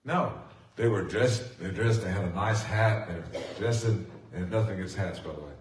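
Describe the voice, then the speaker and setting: A man preaching a sermon as pastor, speaking with rising passion and excited emphasis. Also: low-pitched, normal speed, a little hiss or hum. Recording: echoey room from far off.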